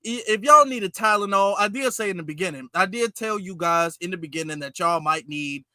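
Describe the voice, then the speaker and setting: A man's voice: high voice, animated, brisk, sharp tone, dry recording, studio quality. A man hosting a reaction video, talking back at a clip in a mocking, exasperated way. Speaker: reaction channel host. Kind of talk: casual reaction commentary.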